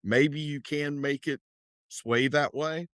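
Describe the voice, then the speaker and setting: Casting: slow-talking man, casual podcast co-host, halting and full of restarts, dry close sound. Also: fairly high pitch, steady tone, a bit bright, dry recording. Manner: halting, many restarts, drinking beer. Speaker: podcast co-host, guest.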